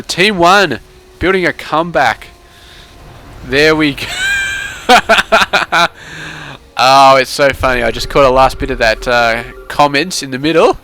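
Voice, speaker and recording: A man casts a strategy game replay in a loose, sarcastic commentary style. His voice sits a little high and sounds bright and forceful. He keeps things casual and chatty. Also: clear, resonant tone. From Australia. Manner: laid-back, sarcastic, keeps tagging lines with "man". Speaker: game caster.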